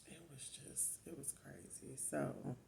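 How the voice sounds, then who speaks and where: A woman, a mother of four, casually telling her own story in an animated way, getting louder as she relives the pain. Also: rumbling low, slow, vocal fry, a little hiss or hum. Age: adult mother of four. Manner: animated retelling, rising loud when reliving pain.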